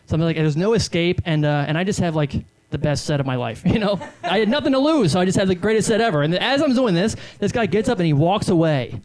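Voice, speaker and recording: A man's voice: high-pitched, animated, fast, hardly any pauses, a little mellow. A man in his thirties doing stand-up comedy, telling rambling, self-deprecating stories with many fillers into a handheld stage mic. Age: 30s.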